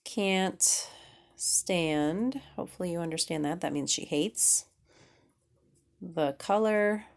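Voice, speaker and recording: Slow, patient woman teaching grammar. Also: fairly low pitch. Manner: patient, checks in with "okay?" often; slow and deliberate, reads examples aloud. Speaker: English teacher. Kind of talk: grammar lesson at a whiteboard.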